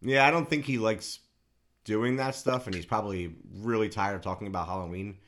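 A man's voice: fairly low pitch, fairly quick, a bit bright. A man co-hosting a podcast in casual chat, easygoing and eager about movies. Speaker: podcast co-host.

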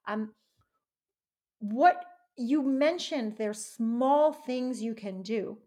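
A woman hosting a podcast interview in a casual, animated way, laughing often. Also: fairly high pitch, drawn-out words. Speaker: podcast host.

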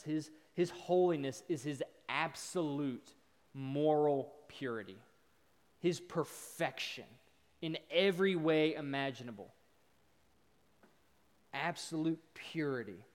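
A man delivers a sermon at an unhurried pace, his voice smooth and resonant. He builds emphasis on repeated words and then sinks quiet for weight. The sound carries a long reverb, as in a large church hall. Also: on the high side. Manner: emphatic, swelling loud on repeated words then dropping soft. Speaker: preacher.

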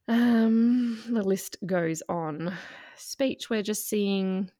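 A woman's voice: mid-range voice, slow pace, hardly any pauses, warm tone, no echo, studio quality. A woman, co-hosting a podcast and chatting casually about family life, laughing often and saying "like" a lot. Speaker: podcast co-host, parent. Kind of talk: casual chat.

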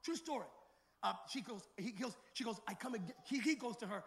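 Middle-aged preacher, high and bright, storytelling sermon that rises to shouts. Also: male voice, animated, moderate pace, creaky, a little hiss or hum. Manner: emphatic preacher, rising to shouted calls; jokey asides to the crowd. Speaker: pastor.

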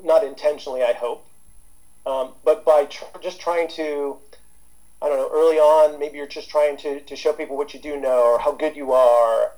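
A man in his fifties speaks as an interview guest, his voice dark and mellow. He rambles through his points in a relaxed way, full of "um"s and restarts, sounding like a seasoned therapist. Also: fairly high pitch, normal speed, rough recording. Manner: rambling, with many fillers and restarts. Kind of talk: casual interview talk.

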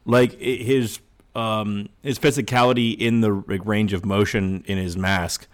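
A man in his thirties, a podcast co-host in casual chat, talking in an animated, profane way and slipping into mocking impressions. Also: lowish voice, a little slow.

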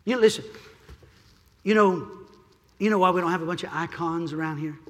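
A man's voice: a little high, moderate pace. Preaching man in a reverberant church. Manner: preaching, rising to shouts, repeats phrases. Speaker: pastor. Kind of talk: sermon. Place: church sanctuary.

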